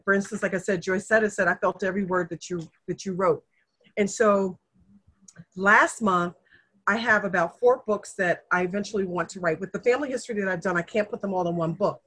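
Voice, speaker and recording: Earnest husky middle-aged woman. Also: medium pitch, brisk. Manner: earnest, emotional storyteller, animated when quoting others. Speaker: guest sharing family history. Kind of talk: casual conversation.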